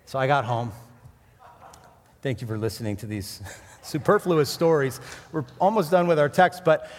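A man preaching a sermon, mixing scripture with animated personal stories and jokes. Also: medium pitch, normal speed. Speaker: pastor. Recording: long hall reverb.

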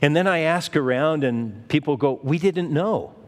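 A man's voice: fairly high pitch, animated, normal speed. Man preaching in a reverberant hall. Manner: conversational preaching, acts out Bible voices. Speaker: pastor. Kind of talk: sermon.

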